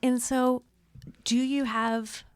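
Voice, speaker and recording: A woman's voice: high-pitched, little pitch movement, takes it slowly, clean tone, no echo. A woman co-hosting a podcast in casual chat, talking candidly and swearing now and then. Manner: candid, swears casually, acts out inner voices. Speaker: podcast co-host.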